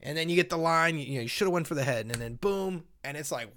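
Rambling young man, fairly high voice. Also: quick pace, hardly any pauses. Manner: rambling, animated, lots of fillers. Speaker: podcast co-host. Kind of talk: casual chat.

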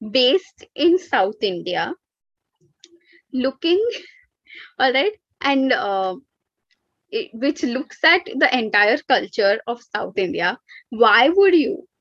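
A woman's voice: fairly high pitch, fairly bright tone, no room sound. A woman co-hosting a casual podcast, ranting animatedly and dropping into Hindi asides. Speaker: podcast co-host. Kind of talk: casual chat. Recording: dull, lo-fi dry recording.

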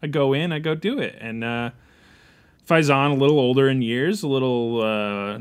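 A man's voice: mid-range voice, moderate pace, smooth, natural voice. A man playing Tarzan's grown son, a would-be assassin, in an improvised comedy podcast, joking and dropping into a silly mock-English accent. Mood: storytelling.

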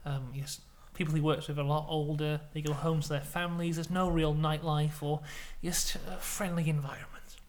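A British man co-hosting a podcast, telling a made-up comic story in a playful, deadpan way. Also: on the high side, moderate pace, hardly any pauses. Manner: playful, deadpan tall tales. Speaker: podcast co-host.

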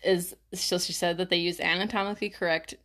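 A woman's voice: lowish voice, steady tone, brisk, fairly bright tone. A young woman co-hosting a podcast, chatting casually and reading listener stories, giggling often and filling her talk with "like". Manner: giggly, lots of "like" fillers. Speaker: podcast co-host.

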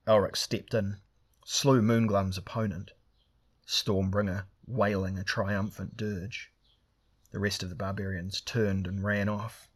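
A man's voice: on the low side, level tone, measured pace, slightly rough. A man narrating a fantasy story, lifting his voice for the characters' lines. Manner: reads dialogue with raised voices for characters. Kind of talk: audiobook narration.

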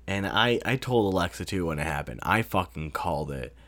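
A man's voice: deep voice, expressive, fairly quick, fairly bright tone. A man casually reviewing a movie, blunt and swearing freely.

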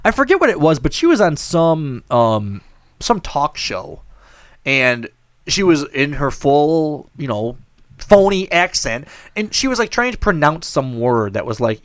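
A man hosting a podcast in casual chat, animated and rambling. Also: a little high, a little slow, dry recording, clean studio sound. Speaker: podcast host.

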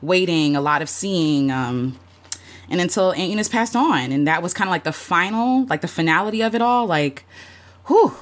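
A woman's voice: on the low side, animated, normal speed. A woman hosting a casual livestream, speaking heartfelt and openly with many fillers, greeting and thanking viewers by name, emotional and near tears at times. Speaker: content creator hosting a livestream. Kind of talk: casual live-stream chat reflecting on the year.

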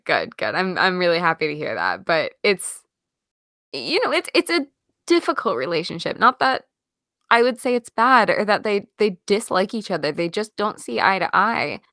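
A woman co-hosting a podcast, recapping a film in animated casual chat with many fillers and restarts. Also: mid-range voice, no room sound, studio quality. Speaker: podcast co-host.

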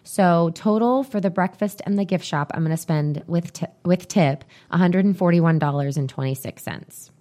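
A woman's voice: lowish voice, normal speed, few pauses, dark tone. A woman co-hosting a podcast, chatting casually and rambling as she reads items off a list. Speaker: podcast co-host. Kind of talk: casual chat.

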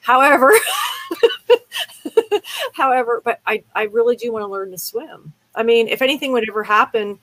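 A woman's voice: on the high side, very animated, moderate pace, pauses often, a bit bright, low-quality recording. An older woman from Pennsylvania, chatting casually and telling a long personal story with many fillers and restarts. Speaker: conversation partner. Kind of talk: casual chat.

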